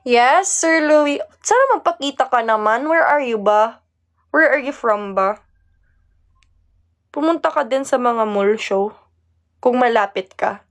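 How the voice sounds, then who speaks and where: A woman's voice: fairly high pitch, expressive, measured pace, long pauses. A young Filipino woman chatting on a live stream, reading comments aloud, giggling and mixing Tagalog with English. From Philippines.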